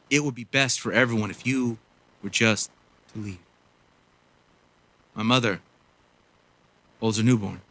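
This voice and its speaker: Bright-voiced male spoken word poet. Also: medium pitch. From Los Angeles, USA. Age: 40s. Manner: rhythmic, earnest delivery with casual asides. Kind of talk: spoken word poetry performance.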